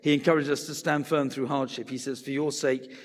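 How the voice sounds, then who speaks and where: A man's voice: mid-range voice, steady tone, fairly quick. A man preaching a sermon in a conversational way, acting out the voices he quotes. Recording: reverberant hall.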